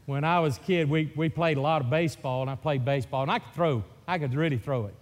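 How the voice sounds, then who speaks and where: Mississippi preacher in a reverberant hall. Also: male voice, on the high side, quick pace. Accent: Mississippi Southern. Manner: folksy, joking storyteller. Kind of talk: sermon. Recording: long reverb of a church hall.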